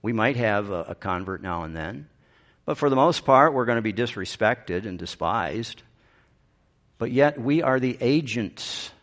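A man's voice: medium pitch, a bit bright. A middle-aged man preaching a sermon as pastor, swinging up to emphatic peaks and dropping into dry, self-aware humor.

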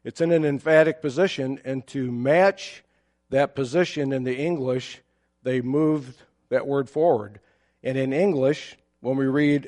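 A pastor preaching a sermon, explaining a Bible passage in a measured, teacherly way with occasional fillers. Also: male voice, medium pitch, darkish tone.

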